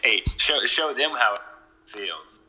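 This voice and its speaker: A man's voice: medium pitch, animated, takes it slowly, pushed and bright, soft background music, poor audio. A man with a Canadian accent and a slight Southern drawl, co-hosting a casual chat and joking with his friends. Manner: joking, restarts often. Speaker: podcast co-host.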